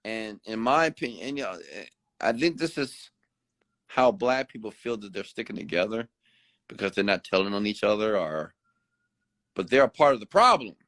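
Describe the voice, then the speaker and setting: A man delivering a late-night motivational rant, preachy and repetitive, now and then jumping high to mimic other people. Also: moderate pace, dry recording. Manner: animated, mimics other people with sudden high-pitched outbursts; preachy, repeats phrases for emphasis. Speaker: motivational host. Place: Houston.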